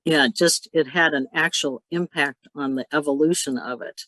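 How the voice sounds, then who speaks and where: Woman, workshop teacher, bright voice, dry close audio, explanatory. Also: sits low, steady tone, normal speed, no room sound, rough recording. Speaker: workshop instructor. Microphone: video call.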